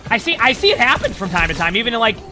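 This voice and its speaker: A male streamer with a high, strikingly bright and forceful voice, talking through a match in casual commentary. He is chatty, restarts and repeats words often, and leans on "like" as he coaches the player. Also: big pitch swings, very fast, soft background music. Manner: chatty, repeats himself, many "like" fillers.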